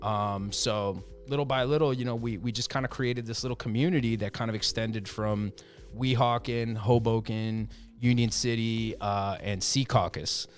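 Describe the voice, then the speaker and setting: A man's voice: fairly low pitch, fairly even intonation, moderate pace. A man with a North Jersey accent, a podcast guest chatting casually and rambling with lots of "you know". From northern New Jersey. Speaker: podcast guest, band member. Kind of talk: casual chat.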